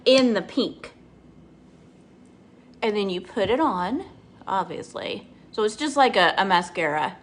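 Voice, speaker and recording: A woman's voice: on the high side, fairly bright tone. A middle-aged woman, chatting and rambling through a casual makeup tutorial and talking to her viewers by name. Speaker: makeup vlogger.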